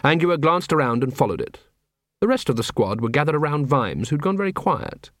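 A man narrating an audiobook in a wry, expressive storytelling manner. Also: fairly high pitch, fairly quick, no echo, clean studio sound. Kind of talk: scripted narration.

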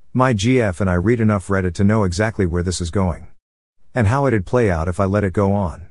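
Male narrator, low voice, dry close sound, steady read. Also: brisk, no room sound. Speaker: story narrator. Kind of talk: scripted first-person narration.

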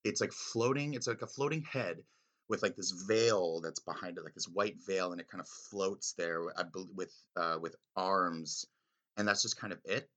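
Casual commentator: man with a bright, lowish voice, loose and filler-heavy, eager. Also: normal speed. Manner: rambling, filler-heavy, enthusiastic. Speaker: reader discussing a classic story.

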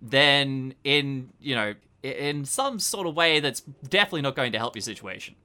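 A game master calmly explaining rules and consequences to players in a tabletop horror game. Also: mid-range voice, normal speed. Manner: calm, explanatory, rule-focused.

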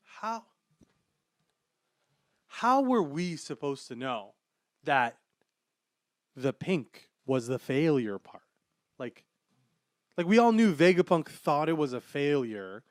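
A young adult man hosting a casual podcast about manga chapters, rambling with many fillers and growing excitable as he talks. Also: fairly high pitch, takes it slowly, pauses often, no room sound, studio quality. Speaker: podcast host.

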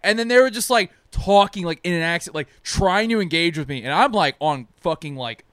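A young man from Tennessee, co-hosting a podcast and telling animated, profane stories between laughs. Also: sits high, fairly quick, smooth, no room sound. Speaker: podcast co-host. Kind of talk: casual chat.

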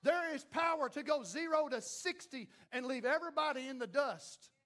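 A man preaching a sermon as pastor, acting out the voices of doubters and of God, swinging from loud to hushed. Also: extremely high pitch, moderate pace.

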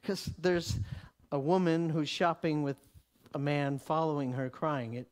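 A man preaching, telling a story in an animated way, laughing often and repeating words as he goes. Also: a little high, a little slow. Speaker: preacher teaching. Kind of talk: sermon storytelling.

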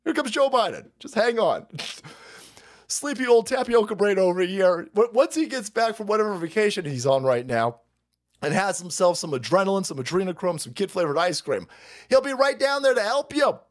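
A man's voice: high voice, expressive, moderate pace. A man hosting a livestream, ranting crudely and mockingly and laughing often. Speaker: livestream host. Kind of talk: profane political rant stream.

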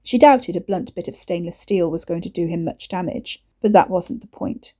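A woman narrating an audiobook in a steady, measured reading. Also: lowish voice.

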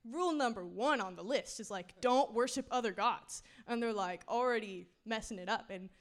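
A woman's voice: mid-range voice, brisk. A young woman giving a casual, playful sermon in a church setting, retelling Bible stories in chatty speech full of "like" and laughter. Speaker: speaker giving a church talk.

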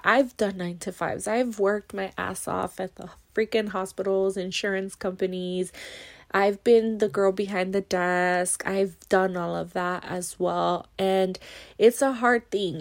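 A woman's voice: medium pitch, a little mellow. A young adult woman hosting her own podcast, talking candidly and emotionally about hard times, with many fillers and some swearing. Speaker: podcast host. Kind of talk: personal monologue.

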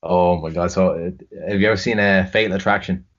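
A man's voice: deep voice, steady tone, a little fast, fairly bright tone. A young Irish man telling a rambling, sweary story in casual chat. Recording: dull lo-fi recording.

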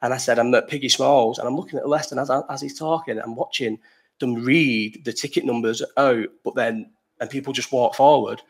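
Fast-talking lad telling stories. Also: male voice, mid-range voice, steady tone, breathy edge. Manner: rambling, swears freely, answers chat mid-story. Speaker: livestream host. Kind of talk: casual live chat storytelling.

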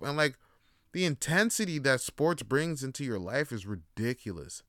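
A man's voice: mid-range voice, big pitch swings, normal speed, fairly bright tone, no echo, clean studio sound. A young man hosting a solo talk show, rambling profanely and casually, often laughing and acting out little scenes. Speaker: podcast host.

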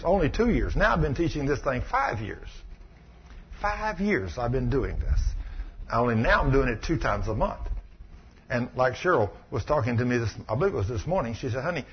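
A man preaching, a folksy and emphatic healing school teacher who retells conversations as he goes. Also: mid-range voice. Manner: folksy, emphatic, recounting dialogue. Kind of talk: sermon with storytelling. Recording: muffled recording with faint background hiss.

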